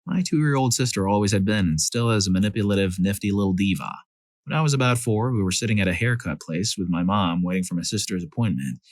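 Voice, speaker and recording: A man narrating a series of reader-submitted stories as a scripted storyteller, lively when he voices the quoted lines. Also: fairly low pitch, fast talker, no echo.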